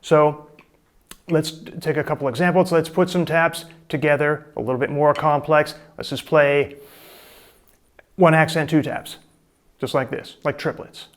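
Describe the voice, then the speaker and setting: Casual, slightly high-voiced drum teacher. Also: male voice, steady tone, unhurried. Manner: casual, demonstrative, chatty with fillers. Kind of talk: instructional drum lesson.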